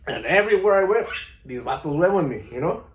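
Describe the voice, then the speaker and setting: A man's voice: fairly high pitch, sing-song, fast talker, roomy sound. A middle-aged man, telling stories casually to camera in a laid-back, slangy way. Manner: laid-back, slangy, keeps saying "you know" and "vato". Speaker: vlogger.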